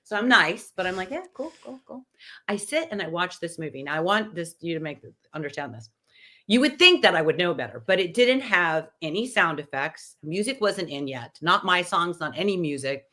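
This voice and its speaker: Low-voiced woman in her sixties telling stories. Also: brisk. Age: 60s. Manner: animated, acts out quoted dialogue. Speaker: podcast guest. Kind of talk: anecdotal storytelling in conversation.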